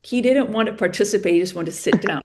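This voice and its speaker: A fast-talking woman with a mid-range voice, on a podcast as a guest, shares stories in easygoing chat and animatedly acts out what people said.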